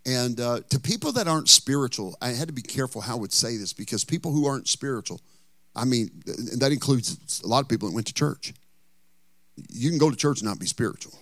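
Animated preaching man, dry close sound. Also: mid-range voice, fast, no echo. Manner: animated preaching, folksy asides and humor. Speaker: pastor. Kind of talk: sermon.

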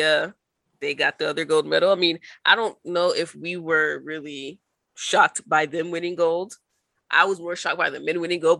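Gravelly bright-voiced young woman podcaster. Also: on the low side, no echo. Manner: laughing, rambling, playful. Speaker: podcast co-host. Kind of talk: casual sports chat.

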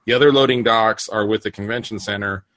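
A man's voice: on the low side, fairly even intonation, fast talker, fairly bright tone, dry recording. A man hosting a casual podcast chat, rambling with frequent restarts and fillers. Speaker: podcast host.

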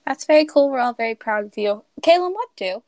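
A woman playing in a tabletop game, reacting in animated bursts. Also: on the high side, fairly quick, no room sound, studio quality. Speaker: player.

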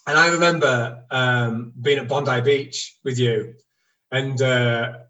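A man in his forties tells his story candidly, pausing and restarting as he talks. His pitch sits mid-range for a man. He is recorded a little away from the microphone. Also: steady tone, bright, forceful tone, distant mic, lo-fi sound. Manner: halting, candid, self-deprecating. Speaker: guest telling his story. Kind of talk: casual reflective storytelling.

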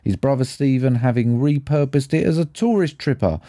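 A laid-back man talks through a film review in a relaxed, rambling way, swearing freely. His voice is extremely dark and mellow. The sound is close and dry, with no room around it. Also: medium pitch, normal speed, dry recording. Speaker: podcast co-host. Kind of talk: casual film review chat.

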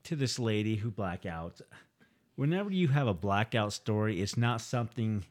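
A man's voice: lowish voice, animated, normal speed, a little mellow. Joking man chiming in on a podcast. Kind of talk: casual podcast chat.

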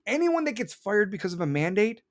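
A man's voice: high-pitched, big pitch swings, fairly quick. A man, hosting a live show and ranting heatedly and sarcastically, swearing often and mocking people in put-on voices. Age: 40s. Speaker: live-stream podcast host. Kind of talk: ranting political talk.

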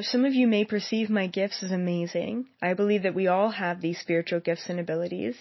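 A woman's voice: mid-range voice, no room sound. A young woman who works as a psychic, speaking earnestly and a bit rambling to her viewers with lots of fillers. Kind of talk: personal monologue to viewers. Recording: slightly muffled, dry sound.

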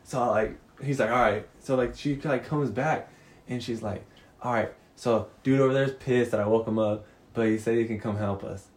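A young man telling a story in casual chat, animated and profane, laughing often. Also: medium pitch, normal speed.

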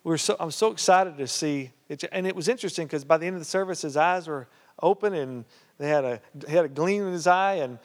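A fairly high-voiced male pastor spins a story from the pulpit, talking casually with plenty of "uh" and "you know". The sound carries a long hall reverb, like a church sanctuary. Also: fast talker. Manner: conversational, lots of "uh" and "you know", grows animated. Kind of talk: storytelling sermon.

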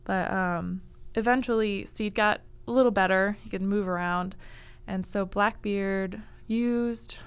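A woman's voice: medium pitch, steady tone, a little slow, hardly any pauses, clear, resonant tone. A young woman casually telling a history story on a library podcast, laughing often and saying like and um a lot. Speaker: library staff guest presenting book picks.

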